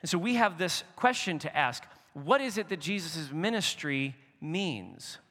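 A man preaching a sermon as pastor, expressive, rising and animated when he voices quoted speech. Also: on the high side, unhurried. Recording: long reverb of a hall.

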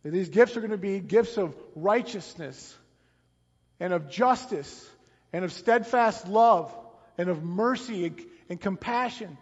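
A man's voice: high-pitched, unhurried, slightly rough. A man preaching a sermon, telling the story dramatically and often repeating words as he goes. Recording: long reverb, dull lo-fi sound.

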